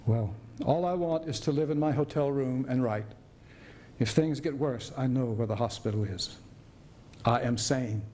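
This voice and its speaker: A man's voice: medium pitch, normal speed, a little mellow, slight background noise, pitched below the performer's own voice, close to an everyday voice. An older man giving a dramatic reading of a play, voicing a sardonic middle-aged male writer who tells a bitter story. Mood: defiant. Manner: wry storyteller, biting.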